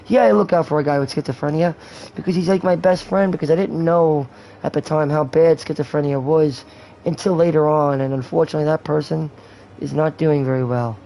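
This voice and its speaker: This gaming livestream host, a man in his twenties, speaks in a slightly high, slightly quick, mellow voice while rambling candidly and cursing a lot. The recording is rough, with some hiss or hum.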